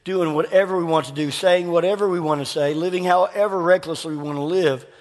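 A pastor weaves a personal story into his sermon, animatedly acting out both sides of every exchange. His voice is high for a man and brisk, carrying a long reverb from the hall.

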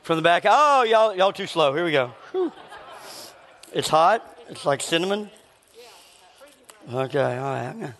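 A man preaching a sermon in a church, talking in a relaxed, conversational way with a throat that is a little scratchy. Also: fairly high pitch, big-room sound. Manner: conversational preaching with a slight rasp, pauses to cough. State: scratchy voice needing a cough drop. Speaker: pastor. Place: church sanctuary with long reverb.

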